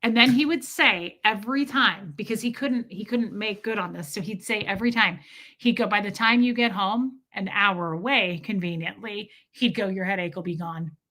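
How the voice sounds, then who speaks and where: A woman's voice: medium pitch, moderate pace, bright, forceful tone. A woman live-streaming, telling a frank, profane, joking story in casual chat.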